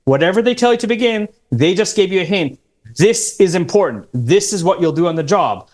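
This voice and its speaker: Career coach guy, emphatic, breaks advice into steps, voice a bit high. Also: lively intonation, fairly quick, a little mellow. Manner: emphatic, instructive, quotes interview lines. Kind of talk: advice-giving podcast talk.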